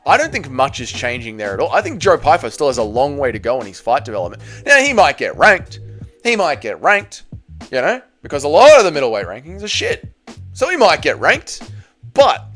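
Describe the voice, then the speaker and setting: Male vlogger, lively swinging delivery, faint music underneath, casual profane recap. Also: on the high side, normal speed. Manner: blunt, profane, animated ranting. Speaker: MMA commentary channel host. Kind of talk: casual opinionated fight recap.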